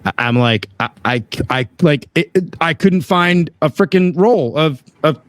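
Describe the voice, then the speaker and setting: A man's voice: moderate pace, few pauses, dry recording. A man telling a story casually on a podcast, acting out the people in it with big jumps in his voice. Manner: animated, acts out voices with big pitch jumps. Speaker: HVAC sales rep telling a story.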